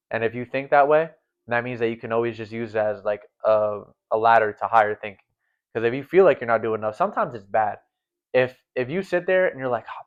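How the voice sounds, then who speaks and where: In a clear, resonant, mid-range voice, a late-teen young man chats casually as a guest, earnest and rambling with plenty of fillers. He once played setter in volleyball; the recording sounds dull and lo-fi.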